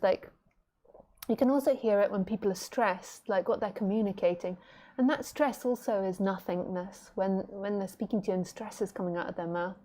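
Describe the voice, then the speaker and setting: A middle-aged woman teacher giving a casual online talk from home, chatty and warm with her listeners, laughing easily. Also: mid-range voice, normal speed. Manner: chatty, laughing, baby-talks to her pet. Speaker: spiritual teacher.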